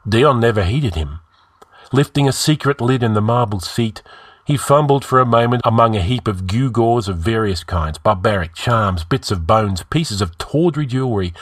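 A man narrating a fantasy tale in an audiobook reading. His voice is low and husky, and his delivery is measured and dramatic. The recording is close and dry. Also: no echo.

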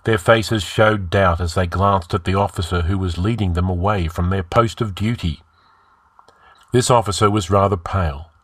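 A man reading a heroic fantasy story aloud in a measured, dramatic style. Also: deep voice, no echo, clean studio sound. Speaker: story narrator.

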